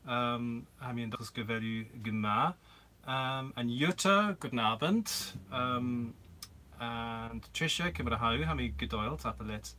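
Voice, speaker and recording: Bright, easygoing man hosting a live stream from his camper van, chatty and rambling, greeting viewers as he goes. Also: mid-range voice, unhurried, a little hiss or hum. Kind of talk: casual live-stream chat.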